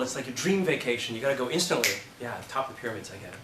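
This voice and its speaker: A man teaching an acting class, talking casually and telling lively stories with the odd curse. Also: medium pitch, racing, hardly any pauses, a little hiss or hum. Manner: chatty, animated storytelling with profanity. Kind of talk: classroom lecture with anecdotes. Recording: roomy classroom from a distance.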